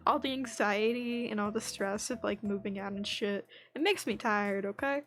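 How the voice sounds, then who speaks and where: A woman's voice: medium pitch, moderate pace, a bit bright, faint music behind. A woman streamer in casual chat, telling an angry story full of swearing and frequent laughs, on a streaming mic. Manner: laughs often between lines.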